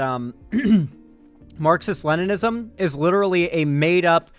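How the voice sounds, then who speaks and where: A man's voice: a little high, fairly bright tone. Casual streamer man, faint music behind. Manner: casual, rambling, reacts to chat. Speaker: political commentary streamer. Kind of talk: live stream chat reading.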